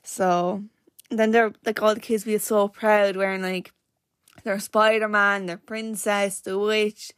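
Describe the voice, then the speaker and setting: A woman's voice: medium pitch, flat delivery, takes it slowly, clear, resonant tone, no echo. A young woman with an Irish accent chats through a story on her podcast, circling back and correcting herself as she goes. Her mid-range voice sits close and dry, with no room sound at all. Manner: rambling, full of "like" and self-corrections. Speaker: podcast host. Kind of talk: casual chatty storytelling.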